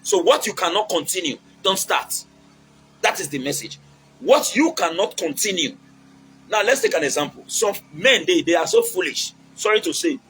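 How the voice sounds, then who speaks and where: A man's voice: sits high, sing-song, moderate pace, a bit bright, slight background noise, low-quality recording. A man with a Nigerian accent giving casual, preachy relationship advice, mixing in Pidgin and acting out quotes.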